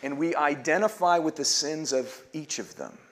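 A man's voice: on the high side, moderate pace. A man preaching a sermon as pastor, earnest, leading a call-and-response prayer and dropping to near-whispers to stress a point.

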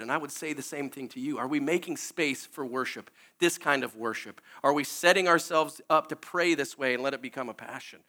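A man's voice: mid-range voice, a little fast, hardly any pauses, pushed and bright. A man preaching a sermon, earnest and candid, at times tearful, often restarting his sentences.

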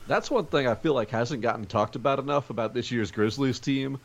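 A man's voice: medium pitch, brisk. A man co-hosting a sports podcast from home over a video call, talking energetically in casual chat. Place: home during a snow day.

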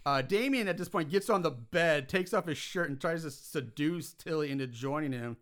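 A man casually recapping a film plot for a podcast, animated and swearing when worked up. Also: a little high, normal speed. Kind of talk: casual chat.

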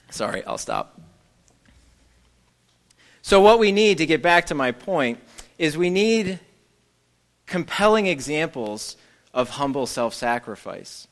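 A man's voice: a little high, animated, measured pace, a bit bright. A man giving a casual, conversational church teaching with jokes and asides.

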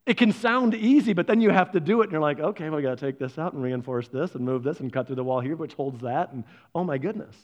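A man preaching a sermon, telling personal stories and acting out his own reactions. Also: sits high. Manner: animated storyteller, acts out his own reactions. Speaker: pastor.

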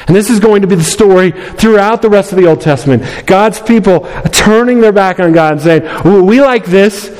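Emphatic preacher in a reverberant hall. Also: male voice, sits high, fairly quick, hardly any pauses, darkish tone. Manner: emphatic, repeats key phrases, acts out quoted voices. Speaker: pastor. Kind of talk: sermon. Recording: long reverb of a large hall.

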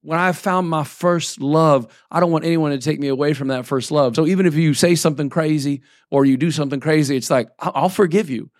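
A man's voice: fairly high pitch, fairly even intonation, a little fast, hardly any pauses, no echo, clean studio sound. A man in his forties preaching a sermon as a pastor, talking in a loose, conversational way, often checking in with "right?" and "okay?", and reading scripture aloud between plain asides.

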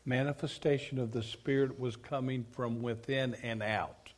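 A man adding calm, brief remarks while a woman tells her testimony. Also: mid-range voice, moderate pace.

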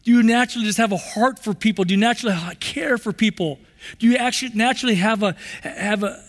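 A male pastor preaches with passion, circling back and repeating his phrases as he builds. His voice sits high for a man. It carries a long reverb from the church hall around him. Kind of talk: sermon.

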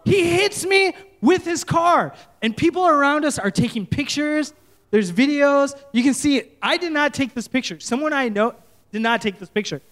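A male pastor preaching and telling a story, animated and often correcting himself. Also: very high voice, moderate pace. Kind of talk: sermon storytelling.

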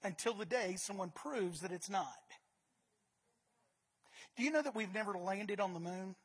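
A woman preaching a sermon, emphatic, repeating words and swinging between loud and soft. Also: medium pitch, expressive, unhurried, breathy edge.

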